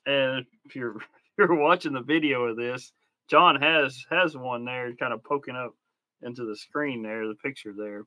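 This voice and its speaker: Bright-voiced man talking toys casually. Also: medium pitch, moderate pace, dry recording. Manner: relaxed, hesitant, many ums while explaining. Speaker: podcast co-host. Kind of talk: casual podcast chat.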